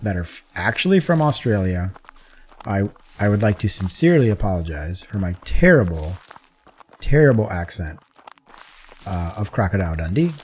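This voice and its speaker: A man's voice: low-pitched, moderate pace, long pauses, breathy edge. Chatty man narrating his gameplay. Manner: chatty, rambling, excitable, with many restarts. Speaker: gaming channel host. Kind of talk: casual gameplay commentary.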